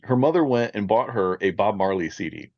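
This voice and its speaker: A man in his forties co-hosts a podcast and tells a story with a lively, swooping voice that often breaks into laughter. The room is dry, and the sound is a little dull and lo-fi. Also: on the low side, a little fast, no echo. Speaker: podcast co-host. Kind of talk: casual chat.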